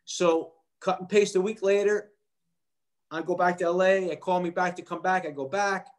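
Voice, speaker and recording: A middle-aged man tells a story as an interview guest, fairly high for a man's voice. He is animated and brings the people in his story to life by acting out their lines. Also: moderate pace. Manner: animated, acts out quoted voices. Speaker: actor guest.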